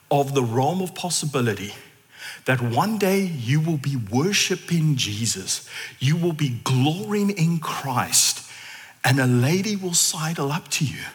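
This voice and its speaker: Animated preacher, bright voice. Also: male voice, on the high side. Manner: animated, theatrical, shifts to hushed intensity. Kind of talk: sermon. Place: church. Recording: long church hall reverb.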